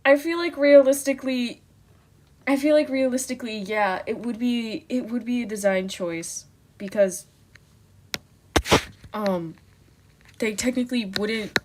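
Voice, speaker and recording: A woman's voice: fairly high pitch, steady tone, a little slow, pauses often, a little mellow. A young woman streaming from her bedroom, chatting casually to her viewers while she draws, giggling and easily flustered. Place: bedroom at home.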